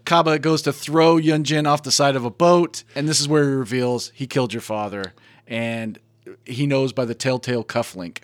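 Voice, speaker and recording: A man's voice: medium pitch, fairly even intonation, normal speed, dry recording. A man co-hosting a podcast, casually recapping a movie with wry jokes and frequent laughter. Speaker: podcast co-host.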